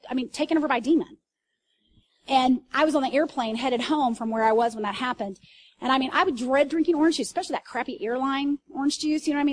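A woman pastor preaching to a congregation, telling stories in an animated way with loud bursts and asides. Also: sits high. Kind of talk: sermon. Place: church service.

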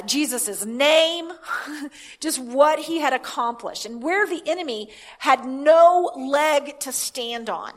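A woman preaching a sermon, reading scripture aloud and then explaining it in a halting, conversational way. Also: high voice. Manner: halting, with many restarts and fillers; reads scripture aloud with emphasis.

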